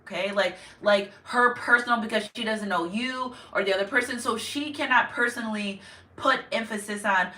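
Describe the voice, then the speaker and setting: A woman gives her viewers a casual tarot reading, rambling and emotionally repeating herself. Her medium-pitched voice is pushed and bright at a normal speed, recorded on a distant mic in an echoey room.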